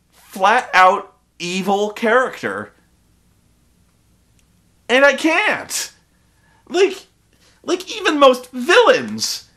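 Animated, exasperated male vlogger ranting. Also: high-pitched. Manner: exasperated, profane, many restarts and impressions. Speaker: vlogger reviewing a film. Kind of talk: casual ranting review.

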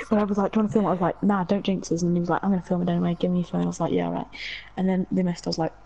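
A young man playing a co-op football game, excitable and swearing constantly. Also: sits high, vocal fry, poor audio. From England. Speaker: gamer. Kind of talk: casual co-op gaming chat.

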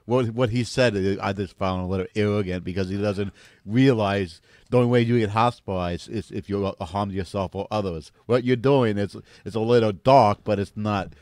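A man's voice: fairly low pitch, moderate pace, a little mellow, no room sound, clean studio sound. A man in casual podcast chat, earnest and stumbling over his words.

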